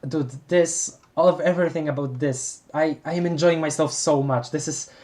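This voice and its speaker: A young adult streamer who reads a webcomic aloud live, with casual commentary, frequent laughter and quick self-corrections. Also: mid-range voice, steady tone, a little mellow. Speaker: livestream host reading a webcomic aloud.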